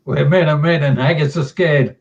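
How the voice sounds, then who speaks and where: A man's voice: fairly high pitch, steady tone, normal speed, highs cut off. A man in a casual voice chat, making dry jokes at a friend. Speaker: chat room participant. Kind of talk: casual banter.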